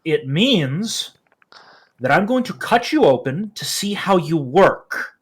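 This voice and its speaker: A man's voice: high voice, takes it slowly, breathy edge, full character voice. A man doing a smug, menacing surgeon. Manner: calm, menacing, lecturing. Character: cold, smug male anatomist surgeon.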